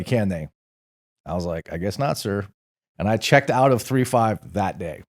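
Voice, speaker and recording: Deep-voiced man telling war stories casually. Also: normal speed. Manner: relaxed, rambling, salty storytelling with fillers and swearing. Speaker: podcast guest. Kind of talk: casual storytelling interview.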